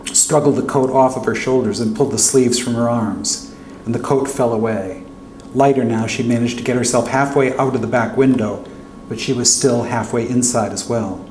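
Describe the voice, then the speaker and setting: A male author narrating his own fiction aloud in a steady first-person voice at a college reading. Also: mid-range voice. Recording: echoey hall with faint hum.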